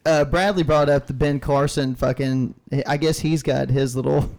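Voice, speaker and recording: A man's voice: a little high, fairly even intonation, moderate pace, vocal fry, darkish tone. A man co-hosting a podcast in casual banter, rambling and swearing constantly. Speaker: podcast co-host.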